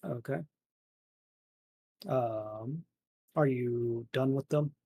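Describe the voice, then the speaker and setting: A man running a tabletop game in a relaxed, halting way. His pitch is middling, and he fills pauses with ums and uhs as he describes the scene. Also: breathy edge, dry recording. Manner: relaxed, filler-heavy. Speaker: game master.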